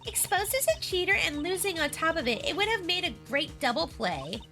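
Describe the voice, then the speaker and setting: A woman's voice: very high-pitched, big pitch swings, a little fast, pushed and bright, soft background music, exaggerated voice. A woman voicing a brash young female card dealer and con artist in a Valley Girl voice. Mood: boastful.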